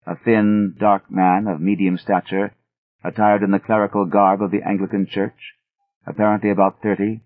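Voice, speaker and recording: A man reading a first-person audiobook in a measured, unhurried way. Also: fairly low pitch, flat delivery, no room sound. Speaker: audiobook narrator. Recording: thin phone-like audio, dry.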